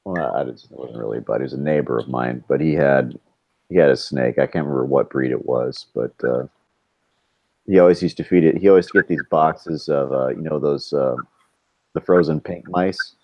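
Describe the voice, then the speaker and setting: A man with an extremely deep, gravelly voice talks haltingly and reaches for words. He sounds dry and muffled, as if through a cheap microphone. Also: no room sound. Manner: halting, hesitant with many fillers. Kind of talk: casual chat. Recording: dull lo-fi mic.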